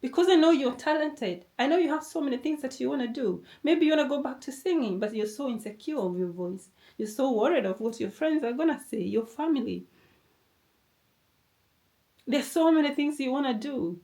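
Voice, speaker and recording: A woman's voice: high voice, expressive, moderate pace, warm tone. A woman vlogger giving an earnest motivational talk to camera, encouraging the viewer and asking them questions.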